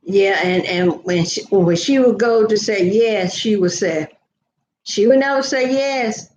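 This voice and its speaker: A woman's voice: mid-range voice, measured pace, darkish tone, echoey room, slight background noise, low-quality recording. An older woman telling stories to viewers in a chatty live video, laughing often. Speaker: vlogger. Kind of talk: casual live chat.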